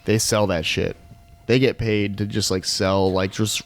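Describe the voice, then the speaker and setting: A man's voice: on the low side, level tone, unhurried. A man co-hosting a casual podcast chat, rambling and swearing. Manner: rambling, profane. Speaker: podcast co-host.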